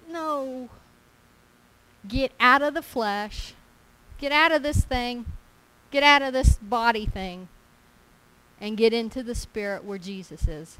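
Woman preacher, fairly high voice, emphatic and repetitive, conversational sermon delivery. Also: takes it slowly, long pauses, fairly bright tone, low-quality recording.

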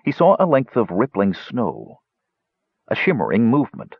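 Husky man narrating an animated fantasy tale. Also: medium pitch, normal speed, no room sound. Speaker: audiobook narrator. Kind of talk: scripted narration. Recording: dull, dry lo-fi recording.

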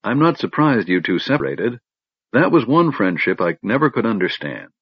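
A man's voice: fairly low pitch, big pitch swings, moderate pace, slightly rough, dry recording, voice pushed up, full character voice. A man voicing a confident, teasing female warrior commander who speaks pleasantly but with menace. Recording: dull lo-fi recording.

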